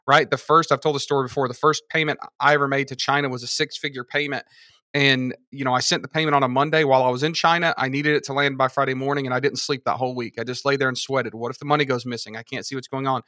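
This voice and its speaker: A man with a bright, forceful tone talks through examples at length in a casual podcast chat. His voice is dry and close, with no room sound behind it. He explains patiently and in detail. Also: medium pitch, fast talker, dry recording. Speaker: guest from a seller funding service.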